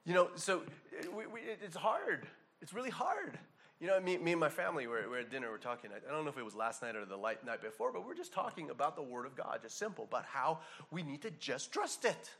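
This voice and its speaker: A man's voice: fairly high pitch, sing-song, fairly quick, bright, forceful tone. A man preaching a sermon, emphatic, with frequent restarts and acted-out asides. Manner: emphatic, hammers single words. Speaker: pastor.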